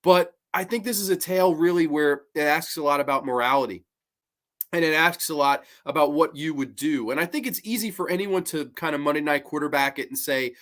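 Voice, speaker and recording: A man hosting a podcast, speaking earnestly and stressing his points, often restarting his sentences. His voice is fairly high and bright with a forceful edge, and the chat stays loose and conversational. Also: brisk. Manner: earnest, emphatic, with frequent restarts. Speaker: podcast host. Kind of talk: casual chat.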